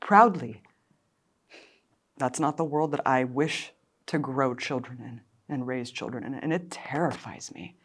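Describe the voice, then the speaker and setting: A woman's voice: rumbling low, measured pace, husky. A woman guest on an interview, a documentary filmmaker, speaking with passionate indignation and raw emotion that at times nears tears.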